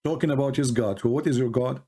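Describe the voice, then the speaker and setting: Slight background noise sits under this man's brisk, mellow, medium-pitched voice. Debating religion and politics on a live call-in show in non-native English, he is mocking and combative, firing rhetorical questions.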